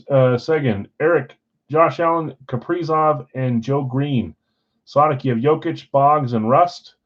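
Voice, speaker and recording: A man's voice: mid-range voice, dull audio. A man hosting a live sports card break, casually rattling off player names and who got which spot.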